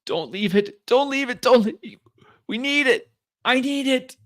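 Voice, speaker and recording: Wounded young woman, high and pleading , GM in a put-on voice. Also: animated, measured pace. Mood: desperate. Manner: pleading, repetitive. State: in pain.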